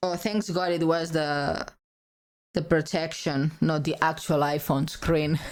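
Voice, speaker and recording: A woman streamer tells a story to her live chat in a relaxed, unhurried way. She laughs often and drops Japanese words into her English. She sounds close to a desk mic. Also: low voice.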